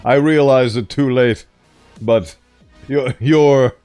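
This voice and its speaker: A man's voice: mid-range voice, slow, warm tone, soft background music. A man reading stories and chatting on a live stream, playful and self-correcting.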